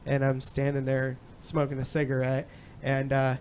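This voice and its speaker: A man from a band telling a story in a relaxed casual way. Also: medium pitch, moderate pace, slight background noise. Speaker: band member guest.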